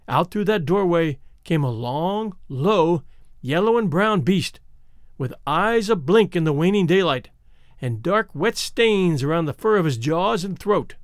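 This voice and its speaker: A male audiobook narrator with a fairly high, gravelly voice that swoops widely as he reads. The reading is measured and expressive, with deliberate pauses, recorded close and dry. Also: no room sound. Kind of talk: scripted narration of classic short stories.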